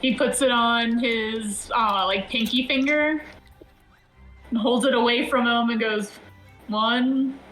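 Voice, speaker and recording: Slow, matter-of-fact woman player. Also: fairly high pitch, steady tone, fairly bright tone, soft background music, poor audio. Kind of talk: describing her character's actions in a tabletop game.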